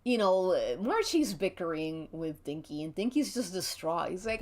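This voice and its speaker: A woman's voice: lowish voice, very animated, normal speed, few pauses, darkish tone. A woman streaming as game master, narrating a murder mystery role-play casually, swearing and laughing often.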